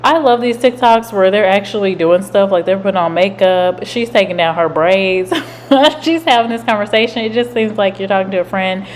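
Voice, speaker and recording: A woman hosting a commentary video, explaining workplace rules in a measured way. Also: medium pitch, slight background noise. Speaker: commentary host. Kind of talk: reaction commentary.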